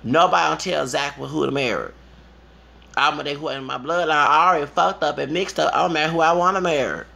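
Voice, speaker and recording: Gravelly, bright-voiced man ranting. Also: fast talker. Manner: emphatic, profane, swings between low mutters and loud outbursts. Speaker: vlogger. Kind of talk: impassioned personal rant. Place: Houston.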